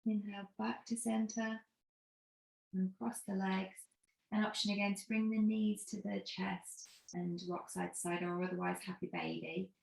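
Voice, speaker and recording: A woman yoga teacher giving slow, soothing cues and breathing prompts as she guides a cool-down over a video call. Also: mid-range voice, level tone, gravelly, darkish tone. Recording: echoey room.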